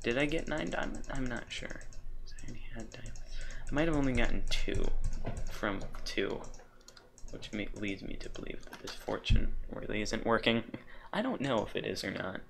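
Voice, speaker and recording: A man's voice: medium pitch, normal speed, creaky. A man hosting a game let's play, chatting casually and trailing off mid-thought, easily delighted and chuckling at himself. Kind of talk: casual gameplay commentary.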